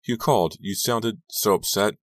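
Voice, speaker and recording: A man's voice: lowish voice, normal speed, dry recording, voice pushed up, natural voice. A man voicing a worried teenage girl in an audiobook. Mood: urgent. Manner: urgent, then gentle. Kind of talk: audiobook character voice.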